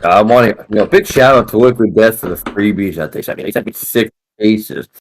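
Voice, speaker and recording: Man, low voice, podcast panelist, laid-back, casual chat. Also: fairly quick, a little hiss or hum.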